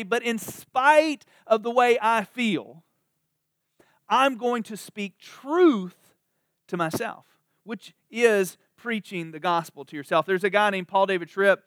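A man delivers a church sermon in a high, smooth voice. He sounds conversational yet emphatic, slowing down to lean on the words that matter. The sound is close and dry. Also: fairly bright tone, dry recording. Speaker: preacher. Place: church service.

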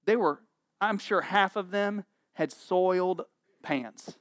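A man's voice: high-pitched, takes it slowly, no room sound, studio quality. A man in his forties preaching a sermon, telling scripture stories with humor and acted-out voices. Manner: animated, joking storyteller with acted-out voices. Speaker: pastor.

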